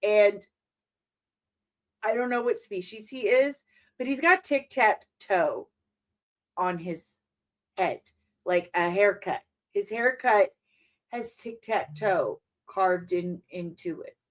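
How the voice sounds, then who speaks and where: A woman in her forties hosting a casual reaction to a trailer, animated and exclamatory with mock outrage. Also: mid-range voice, slow, long pauses. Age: 40s.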